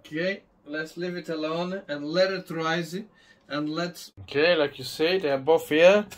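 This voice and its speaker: A man's voice: fairly high pitch, fairly even intonation, unhurried. A man hosting a casual home cooking video, talking enthusiastically and often adding a questioning "eh?". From Madeira, Portugal. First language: Portuguese. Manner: enthusiastic, repeats tag question "eh?".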